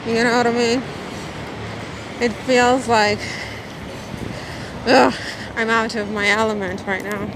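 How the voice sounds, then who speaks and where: A woman's voice: fairly high pitch, flat delivery, slow pace, long pauses. A woman in her fifties, rambling in a casual vlog with lots of fillers and self-mocking asides, a little anxious as she walks. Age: 50s. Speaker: vlogger. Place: city street at night. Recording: outdoor street noise. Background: traffic and street noise.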